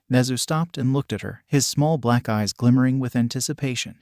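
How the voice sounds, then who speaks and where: A man reads a fan story aloud at a steady, even pace. His voice sits in an average male register. The sound is close and dry, with no room echo. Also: medium pitch, brisk, hardly any pauses. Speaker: fanfiction narrator. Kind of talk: story narration.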